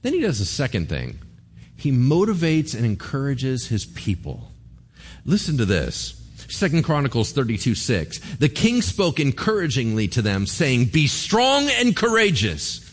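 Male pastor, lively swooping delivery, chatty sermon voice. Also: mid-range voice, moderate pace, breathy edge. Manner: animated, conversational, asks the crowd rhetorical questions.

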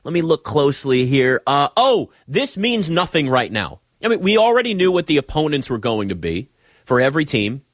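A man's voice: fairly high pitch, sing-song, a little fast, no room sound, clean studio sound. A man hosting a nationwide sports talk show, chatting casually, teasing his producer and rambling through his opinions. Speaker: sports talk radio host.

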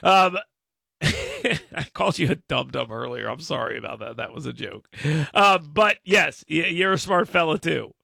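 A talk radio host, a man, rants in an exasperated monologue and stumbles over restarts. His voice sits high and swings widely in pitch. The sound is bright with a gravelly edge and very dry. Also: wildly swooping pitch, unhurried, no room sound. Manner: ranting, exasperated, stammering restarts.

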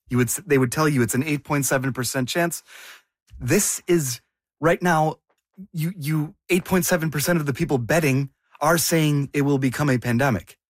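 A man's voice: a little high, dry recording. Guy co-hosting a chat, asks questions then explains stuff, dry mic. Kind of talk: conversational discussion.

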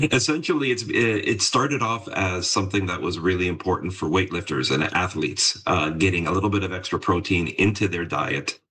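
A man's voice: sits low, moderate pace, fairly bright tone, breathy edge, rough recording. A man speaking as a guest on a radio interview, answering in a chatty, self-deprecating way with hesitant fillers. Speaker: interview guest, marketing executive.

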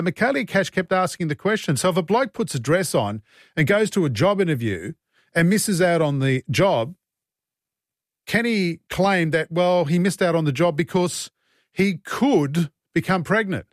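Aussie radio host guy, blunt and fed up, a bit high, dry close studio mic. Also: expressive, normal speed, dry recording. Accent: Australian. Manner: blunt, exasperated, opinionated. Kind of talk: talkback radio, reading texts and taking calls. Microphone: studio broadcast mic.

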